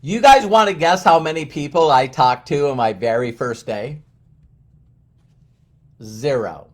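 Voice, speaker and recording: A man's voice: a little high, a little slow. A middle-aged man speaking as a motivational speaker, telling a story with lots of stammered repeats and restarts. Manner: animated, stammering repetitions. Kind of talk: storytelling talk.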